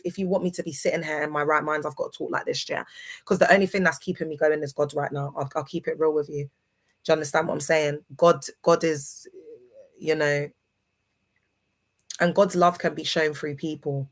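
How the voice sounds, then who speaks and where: Low-voiced and fairly quick, with fairly even intonation, a grieving woman gives a casual livestream monologue. She's emphatic and preachy and repeatedly asks viewers if they understand.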